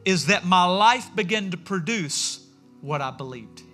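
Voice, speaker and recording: Pastor guy preaching in church, really bright piercing voice, animated storyteller. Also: high voice, a little slow, faint music behind. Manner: animated storytelling, acting out quotes. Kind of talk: sermon.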